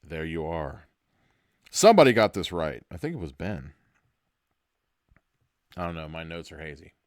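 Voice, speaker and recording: Deep-voiced man hamming up a gamebook. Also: sing-song, moderate pace, dry recording. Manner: jokey, ad-libs and laughs at his own lines; drops to a hushed spooky murmur. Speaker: podcast host reading a gamebook. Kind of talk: comedic storybook reading.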